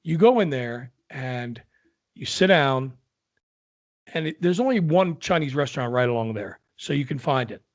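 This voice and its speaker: A man's voice: mid-range voice, expressive, moderate pace. A man co-hosting a podcast, telling jokes in a rambling, self-correcting way. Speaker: podcast co-host. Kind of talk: casual joke-telling chat.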